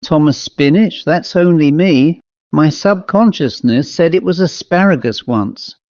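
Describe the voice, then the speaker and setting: A man voicing a brisk, self-assured male medium in a crisp, chatty manner for an audiobook story. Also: darkish tone, no room sound, natural voice. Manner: crisp, chatty, lifted pitch. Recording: dull lo-fi dry recording.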